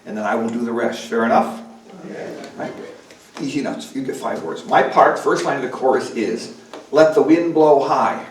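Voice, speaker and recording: Here a man, a folk musician performing live, trades jokes with his audience between songs in a library performance room, chatting and poking fun at the crowd. He speaks at normal speed with a medium-pitched voice. Recorded from a distance in a roomy hall with guitar playing, the audio carries a little hiss or hum.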